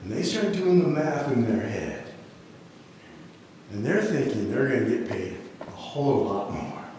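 Male preacher, slow dramatic sermon, lively pitch, heard from afar in a big echoing hall. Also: slight background noise. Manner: dramatic storytelling. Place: large church hall. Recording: echoey hall, mic far off.

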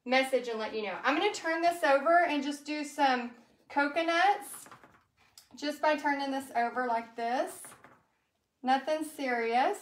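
A woman's voice: high voice, fairly bright tone, roomy sound. A woman with a Texas accent chatting casually to livestream viewers while she paints, rambling and talking straight to them. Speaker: craft business teacher and livestream host.

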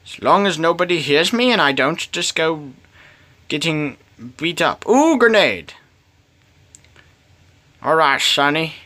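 A man's voice: fairly high pitch, sing-song, takes it slowly, long pauses, pushed and bright. A man giving solo gameplay commentary, talking to himself in a pleading, playful way. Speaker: gamer.

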